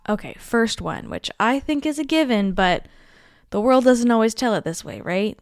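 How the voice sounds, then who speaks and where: A woman's voice: on the high side, expressive, normal speed, gravelly. A young adult woman hosting a solo podcast, speaking in an earnest, heartfelt and enthusiastic way. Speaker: podcast host.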